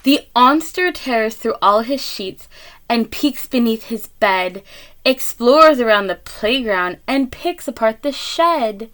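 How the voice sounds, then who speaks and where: A woman reading a picture book aloud to children, gentle and expressive, with gasps and little asides to her listeners. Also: fairly high pitch. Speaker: read-aloud reader.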